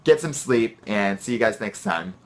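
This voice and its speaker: A man who is a chef and hosts his own vlog, telling rambling stories about work and then giving relaxed advice. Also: on the low side, normal speed. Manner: chatty, rambling, gives pep-talk advice. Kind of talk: casual storytelling and advice vlog.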